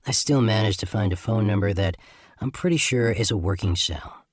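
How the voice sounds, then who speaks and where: Low, husky male audiobook narrator. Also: normal speed, no echo, clean studio sound. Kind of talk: first-person audiobook narration.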